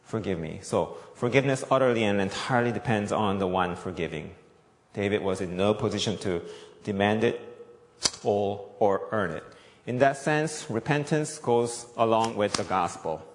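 A man's voice: fairly low pitch, normal speed, a little hiss or hum. A male pastor preaching a sermon, emphatic, repeating key points and asking the audience questions. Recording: long echoey reverb.

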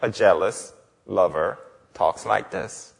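A male pastor preaches a sermon in a church sanctuary, emphatic and full of rhetorical questions and repeated phrases. His low voice is gravelly and husky, and he speaks slowly, with the long reverb of a large hall around him.

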